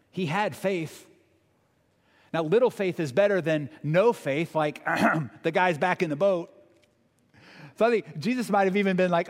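A male pastor preaches in a fairly high voice, talking to his congregation conversationally and earnestly. He asks them questions and challenges them. His voice carries a long hall reverb. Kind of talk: sermon.

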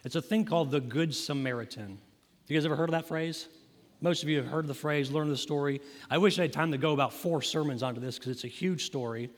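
A man's voice: on the high side, fast. A man preaching a sermon as pastor in a church, talking in a conversational way and putting questions to the congregation. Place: church sanctuary. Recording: long hall reverb.

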